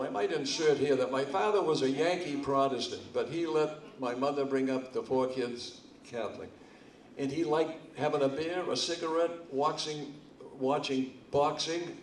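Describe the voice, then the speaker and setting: An older man telling stand-up jokes at a charity comedy night, with a slow, halting delivery full of restarts. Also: mid-range voice, far from the mic, a little hiss or hum. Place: hall with a live audience. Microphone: stage microphone, speaking from a distance. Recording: echoey hall, voice off the mic.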